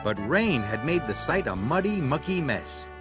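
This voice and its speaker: A man narrating a children's storybook in an expressive, animated reading. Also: a little high, moderate pace. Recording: music playing behind.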